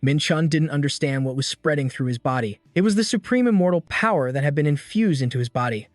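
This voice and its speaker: Speaking fast, a man delivers a steady, read-aloud recap of a story, his voice a touch high and nearly unchanged when voicing characters. Faint music plays under the dry, close-miked sound, which has no echo.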